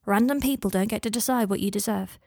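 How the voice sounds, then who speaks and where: A woman reading an audiobook voices a calm young man who talks softly and steadily. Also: medium pitch, fast, gravelly, no echo, studio quality. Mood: soothing. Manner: soft, level, reassuring. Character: calm, soothing young man, quietly controlling.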